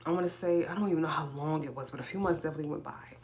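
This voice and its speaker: A woman in her forties with a low voice tells a personal story on a home livestream. She talks casually, circles back with repeated words and acts out what others said. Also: rapid-fire, a little mellow. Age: 40s. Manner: repeats herself, acts out quoted speech.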